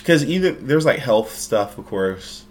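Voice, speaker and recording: A man's voice: mid-range voice, animated, measured pace. A young man from the United States chats loosely on his podcast. His delivery rambles and jokes, filled with "like" and restarts. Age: young adult. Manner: rambling, joking, heavy use of "like". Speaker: podcast host. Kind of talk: casual chat.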